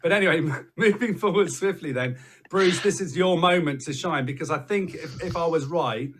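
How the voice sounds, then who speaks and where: A man's voice: on the high side, moderate pace, a bit bright, slight background noise. A man hosting a casual rugby panel podcast, teasing his guests in a jokey way. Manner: jokey, teasing, restarts phrases. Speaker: podcast host.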